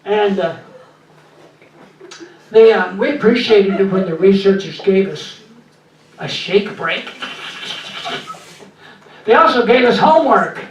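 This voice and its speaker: An older man doing stand-up in a small club, with a weak, breathy voice after voice surgery and slow deadpan one-liners. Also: high voice, lo-fi sound, a little hiss or hum. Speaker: stand-up comedian. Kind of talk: stand-up set. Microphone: handheld mic through a loud PA. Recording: echoey club recorded from far off.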